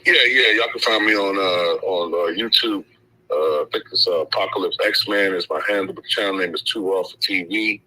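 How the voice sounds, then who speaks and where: A man's voice: sits low, moderate pace, sharp tone, a little hiss or hum, poor audio. A man joining a live stream as a guest, talking in a laid-back, hesitant way. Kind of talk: casual chat.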